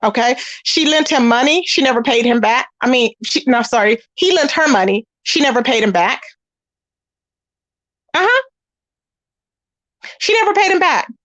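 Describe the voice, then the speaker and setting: A woman hosting a casual commentary channel, animated and sassy, talking straight to her listeners about online drama. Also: high voice, moderate pace, pauses often, no echo. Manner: animated and sassy, calls listeners y'all and baby.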